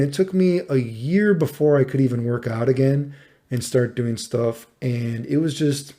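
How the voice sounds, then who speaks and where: A man's voice: mid-range voice, creaky, dark tone. A man in his thirties, a vlogger, telling a personal story in a rambling, exasperated way with plenty of swearing. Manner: rambling, profane, exasperated retelling.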